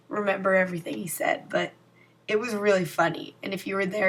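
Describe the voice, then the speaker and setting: A woman's voice: medium pitch, fairly even intonation, a little fast, fairly bright tone. A young woman talking casually to her viewers in a rambling, self-mocking vlog. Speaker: vlogger. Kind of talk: casual vlog chat to camera.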